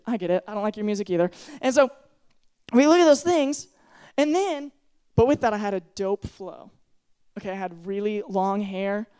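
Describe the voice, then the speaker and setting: A man's voice: sits high, darkish tone, smooth. A young man giving a casual youth sermon on a handheld mic, telling stories in a chatty, self-deprecating way with lots of "like" and "right?". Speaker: youth speaker. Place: youth service room.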